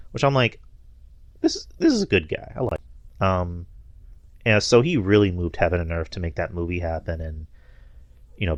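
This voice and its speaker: A low-pitched man talking casually on a podcast, rambling through his thoughts with plenty of fillers and easy laughs. The sound is dry and close. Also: no echo. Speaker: podcast co-host. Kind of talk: casual chat.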